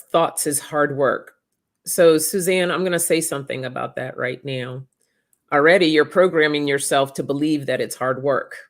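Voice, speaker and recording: A woman hosting a casual chat, speaking in a warm, affirming way and reading out comments from viewers. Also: sits low. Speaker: host.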